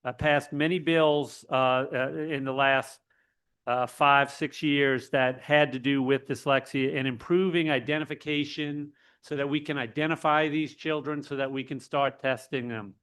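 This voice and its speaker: A man giving earnest public testimony at a hearing, halting and full of restarts. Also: mid-range voice, steady tone, fairly bright tone, smooth. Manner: earnest, halting, with many restarts, turns emotional. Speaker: public commenter, state legislator.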